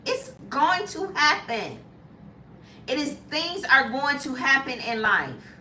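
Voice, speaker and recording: A woman in her fifties chatting casually as a lifestyle vlogger, animated and jumping to high squeals when acting out reactions. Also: takes it slowly, reverberant, far from the mic, slight background noise. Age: 50s. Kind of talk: casual chat.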